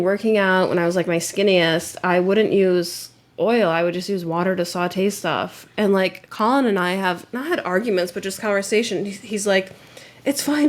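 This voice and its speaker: A young woman co-hosting a casual podcast, chatting candidly, swearing freely and reading stories aloud. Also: mid-range voice. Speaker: podcast co-host.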